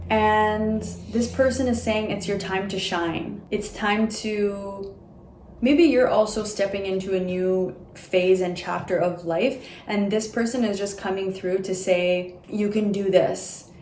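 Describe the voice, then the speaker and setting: A woman's voice: medium pitch, a little mellow, slight background noise. A woman giving an intuitive tarot reading to the camera. She talks in a reassuring, flowing way with many casual fillers. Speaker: tarot reader. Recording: roomy room with faint ambience.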